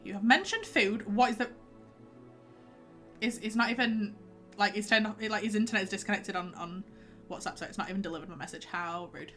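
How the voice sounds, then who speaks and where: A young woman chatting casually with her stream viewers, rambling and excitable. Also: mid-range voice, a little fast, pauses often, soft background music. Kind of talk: casual livestream chat.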